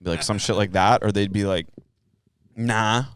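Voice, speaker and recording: A man's voice: on the low side, steady tone, normal speed, a bit bright, smooth, no echo. A man co-hosting a podcast, telling jokey stories in casual chat and acting out both sides of the exchanges. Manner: joking storyteller, acts out both sides of exchanges. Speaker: podcast co-host.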